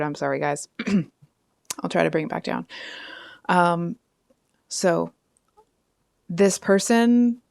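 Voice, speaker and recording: A woman's voice: fairly low pitch, gravelly, clear, resonant tone, dry recording, studio quality. A woman giving a casual tarot reading, chatty and rambling, with frequent asides and apologies. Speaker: tarot reader.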